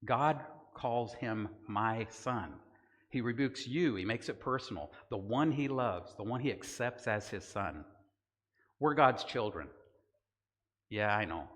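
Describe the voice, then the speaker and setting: A man's voice: medium pitch, animated, a little slow, fairly bright tone, big-room sound. An older man from Southern California giving a Bible lesson in a conversational sermon style, often checking in with listeners by asking "right?". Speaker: church teacher. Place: church hall.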